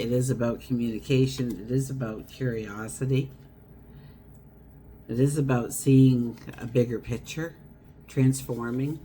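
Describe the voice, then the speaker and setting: A woman's voice: very deep voice, steady tone, a little slow, dark tone, slight background noise. A woman giving a casual tarot horoscope reading, chatty and wandering, acting out everyday scenes as she talks. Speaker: tarot reader.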